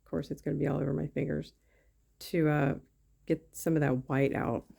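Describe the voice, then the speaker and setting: A woman's voice: deep voice, little pitch movement, normal speed, vocal fry, warm tone, slightly rough. A woman chatting casually as she crafts on camera, thinking aloud with lots of fillers. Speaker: craft YouTuber. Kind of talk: casual craft-along chat.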